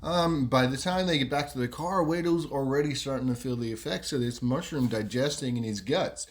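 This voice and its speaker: A man's voice: mid-range voice, a little fast, slight background noise. A man casually telling a story on a podcast, rambling with lots of ums and asides. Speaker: podcast host.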